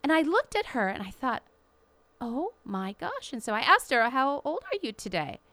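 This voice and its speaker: Woman host, indignant monologue, lively swooping pitch, dry close sound. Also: no room sound. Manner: indignant, emphatic, drawn-out stresses. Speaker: radio show host. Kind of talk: impassioned commentary monologue.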